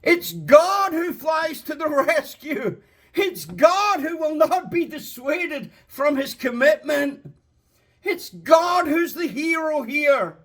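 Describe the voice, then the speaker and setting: High-voiced man preaching slowly. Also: expressive. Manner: impassioned, rising to shouts; slow, drawn-out emphasis. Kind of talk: sermon.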